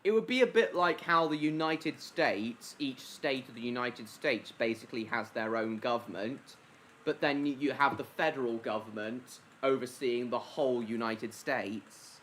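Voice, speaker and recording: A man's voice: mid-range voice, moderate pace, a bit bright, a little hiss or hum. A man hosting a casual live stream, rambling and answering viewers by name mid-sentence, with lots of basically and reckon.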